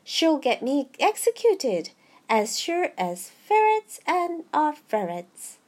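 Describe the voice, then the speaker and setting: A woman's voice: sits high, very animated, takes it slowly, a little mellow, voice pushed up, full character voice. Storybook White Rabbit, anxious and flustered, put on by a woman reader with a Japanese accent. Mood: panicked.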